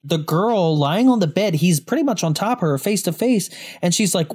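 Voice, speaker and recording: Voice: medium pitch, lively intonation, a little fast, hardly any pauses, darkish tone, husky. A podcast co-host in casual movie discussion, wry and laughing often, acting out quotes.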